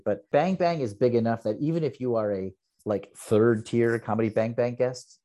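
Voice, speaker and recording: With a lowish, dark-toned voice, a man who teaches improv chats casually on a podcast as a guest. His talk is rambling and self-deprecating, heavy with filler words.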